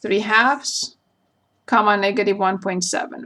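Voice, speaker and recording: A woman math teacher giving a recorded calculus lecture, slowly spelling out each point and step as she works through a graph. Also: fairly high pitch.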